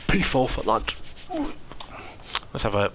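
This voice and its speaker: A man's voice: on the low side, expressive, slow, creaky, noisy background. A tired man giving chatty, rambling commentary on a live sim racing stream and answering his chat.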